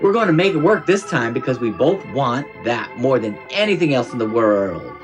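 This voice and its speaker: A man voicing an earnest, hopeful Southern housewife reading her diary aloud in a put-on Southern US accent, slow and heartfelt. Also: medium pitch, big pitch swings, music in the background, natural voice. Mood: wistful. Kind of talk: dramatic reading of a diary entry.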